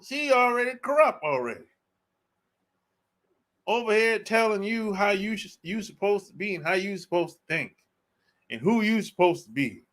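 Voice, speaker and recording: A man's voice: sits high, a bit bright. A man hosting a dating channel, giving a casual, blunt, slangy opinion monologue and repeating his points.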